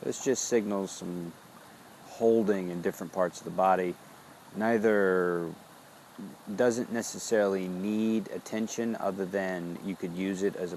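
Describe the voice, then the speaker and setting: Low-voiced man doing a slow body check-in. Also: a little hiss or hum. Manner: slow, introspective, searching for words. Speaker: founder of a wellness business. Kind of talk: reflective spoken body check-in.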